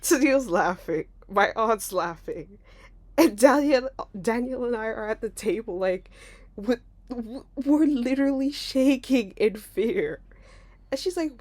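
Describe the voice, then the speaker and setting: A young woman vlogger telling a story casually, animated and laughing, acting out voices with big jumps. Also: on the high side, a little slow, no echo.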